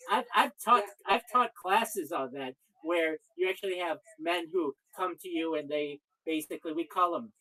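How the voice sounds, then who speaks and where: A man's voice: a little high, pushed and bright, rough recording. A man, a rabbi, talking casually and at length in a conversation, often cutting in to disagree. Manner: talkative, cuts in with repeated "wait". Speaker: rabbi, show host.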